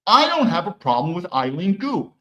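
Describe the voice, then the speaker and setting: A man delivers a heated, profane solo rant to his stream audience. His pitch swings widely and sits a bit high for a man, and he often stumbles and restarts his sentences. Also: sing-song, moderate pace, a bit bright, lo-fi sound. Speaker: livestream commentator. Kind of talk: solo political commentary stream.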